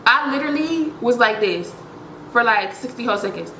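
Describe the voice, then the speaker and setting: A woman's voice: fairly high pitch, lively intonation, brisk, bright, forceful tone, roomy sound, a little hiss or hum, poor audio. A young woman vlogger telling a dramatic personal story straight to her viewers, blunt and profane.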